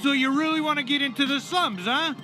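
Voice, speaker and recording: A man's voice: very high voice, a little fast. A man voicing a vain, cocky alien who brags smugly, with game music behind. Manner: smug, boastful.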